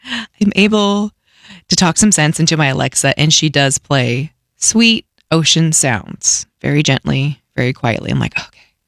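A young adult woman hosting a radio show, telling a funny story in a casual, lively way and acting out voices. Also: low-pitched, unhurried, gravelly, no room sound, clean studio sound.

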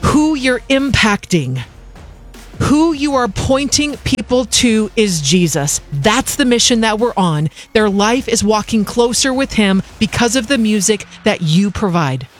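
A woman hosting a radio fundraising drive, upbeat and urgent, slowing right down whenever she reads out the phone number. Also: on the high side, animated, faint music behind. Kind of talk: on-air fundraising appeal.

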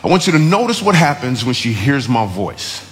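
A man's voice: mid-range voice, very animated, moderate pace, in a large hall, very noisy. A man, a comedian, telling a funny family story on a radio spot.

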